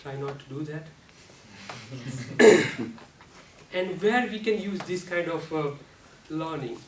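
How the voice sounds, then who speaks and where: A man delivers a prepared speech at a measured, unhurried pace, his fairly high voice picked up from across an echoey meeting room. His grammar is non-native, and he breaks off to demonstrate pitch and volume with sudden bursts. A faint hiss sits under the distant recording. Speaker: club speaker giving a speech. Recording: echoey room, speaker far from mic, faint noise.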